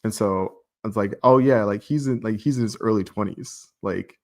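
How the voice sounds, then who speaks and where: A man's voice: fairly low pitch, moderate pace. A man in his thirties chatting casually as a podcast guest, telling stories with frequent laughs and fillers. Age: 30s. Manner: laughs often, animated storytelling with lots of "like". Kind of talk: casual chat.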